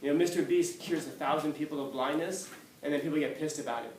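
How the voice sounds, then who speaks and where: A man's voice: fairly high pitch, fast talker, a little hiss or hum. A man teaching a class, telling stories with acted-out quotes and frequent laughter. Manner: animated storytelling, acts out quotes, laughs often. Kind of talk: classroom lecture with anecdotes. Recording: echoey classroom from a distance.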